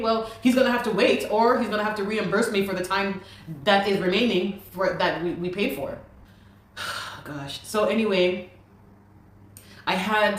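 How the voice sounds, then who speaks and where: A woman with a fairly low voice tells her own story. She retells arguments in an exasperated, animated way. The room has a noticeable echo. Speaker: interview guest. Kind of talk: personal storytelling. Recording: echoey room.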